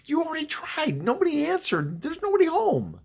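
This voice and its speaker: A nervous, unsure young boy in a spooky told story, put on by a man. The voice sits well up high and wavers with hesitation as it swings. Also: wildly swooping pitch, fairly quick, creaky, full character voice.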